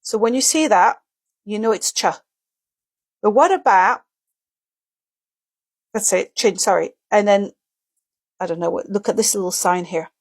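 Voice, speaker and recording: A woman's voice: medium pitch, a little slow, long pauses, breathy edge. Woman, teacher, casual video lesson, step-by-step explanations, sounds out example words, small self-corrections. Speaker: English teacher.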